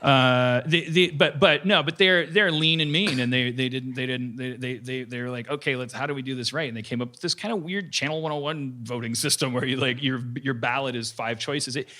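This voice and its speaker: A man hosting a podcast in casual talk, rambling and animated, swearing freely and joking between points. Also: mid-range voice, brisk, few pauses. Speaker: podcast host.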